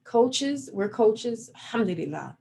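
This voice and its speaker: A woman's voice: on the high side, sing-song, unhurried, gravelly, a little mellow, a little hiss or hum. A middle-aged woman coach giving a reflective, motivational talk over a video call. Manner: earnest, reflective, guiding listeners through an exercise. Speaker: relationship coach.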